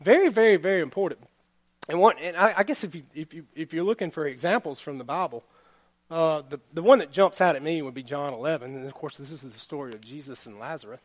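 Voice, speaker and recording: A man pastor giving a relaxed, conversational sermon, laughing now and then and often checking in with the congregation. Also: on the high side, quick pace. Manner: chatty, laughing, keeps asking "all right?".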